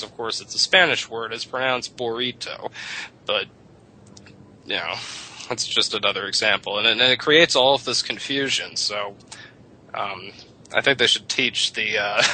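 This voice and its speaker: In a rough recording with slight background noise, a man with a mid-range, pushed, bright voice chats on a radio show. His talk on language history wanders as he explains English vowel changes and swears casually.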